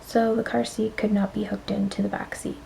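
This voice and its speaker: A young woman talks to her camera in a shaky, tearful voice that often sinks to a whisper. Her tone is dark and gravelly, with faint hiss behind it. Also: mid-range voice, level tone, fairly quick, low-quality recording. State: on the verge of tears. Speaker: vlogger, young mother. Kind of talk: casual storytime vlog.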